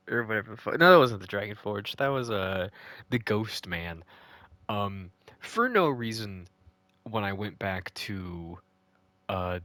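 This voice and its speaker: A man's voice: lowish voice, fairly bright tone, no room sound. A man recapping a video game, ranting and swearing in frustration. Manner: ranting, profane and exasperated. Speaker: gaming video host. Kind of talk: casual game recap commentary.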